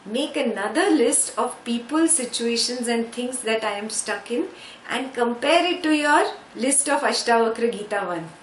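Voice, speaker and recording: A woman teaching scripture walks listeners through Sanskrit words at a slow, patient pace, often checking with "yeah?". Her voice is fairly high and animated. The echoey recording carries faint background noise.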